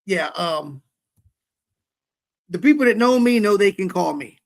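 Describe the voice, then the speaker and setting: A man's voice: high voice, animated, a little slow, gravelly. A young man co-hosting a podcast, talking candidly with a rambling, self-deprecating manner over a webcam at home. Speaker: podcast co-host. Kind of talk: casual chat. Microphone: webcam, set high.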